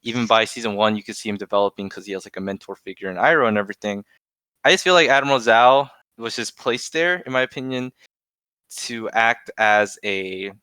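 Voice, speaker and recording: A man's voice: lowish voice, pushed and bright, clean tone, dry recording. A young man co-hosting a podcast, chatting casually and rambling with restarts and fillers. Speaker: podcast co-host. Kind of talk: casual chat.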